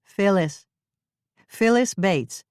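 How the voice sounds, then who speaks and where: A woman voicing a shaken amateur sleuth who keeps her voice steady and clipped. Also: medium pitch, drawn-out words, clear, resonant tone, no room sound, clean studio sound, pitched above the performer's own voice. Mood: tense. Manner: tense, clipped, forcing calm.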